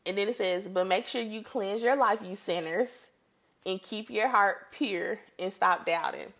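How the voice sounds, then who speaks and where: A woman giving a casual Bible teaching. She reads scripture aloud and comments on it in a lively, conversational way. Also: medium pitch, measured pace. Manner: animated and conversational, reads scripture then reacts playfully.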